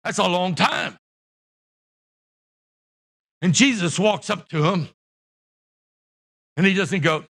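A man preaching a sermon as pastor of a church, impassioned, rising to shouts and acting out the voices of Bible characters. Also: high-pitched, measured pace, pauses often. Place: church sanctuary.

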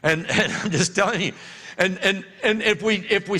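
A man's voice: sits high, moderate pace, pushed and bright. A middle-aged man preaching a sermon as pastor, telling folksy stories and laughing often. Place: church sanctuary. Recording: long hall reverb.

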